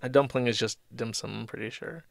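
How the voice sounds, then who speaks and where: A man's voice: medium pitch, fairly even intonation, a little fast, creaky, no echo, clean studio sound. A man in his thirties hosting, rambling through a comic with crude swearing and many fillers. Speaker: host. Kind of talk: casual commentary reading a comic.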